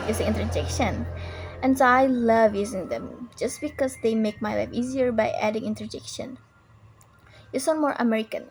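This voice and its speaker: Mellow young woman reciting a pronunciation tutorial. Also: on the high side, a little hiss or hum. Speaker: English learner giving pronunciation tips. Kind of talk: recited tutorial monologue imitating a video.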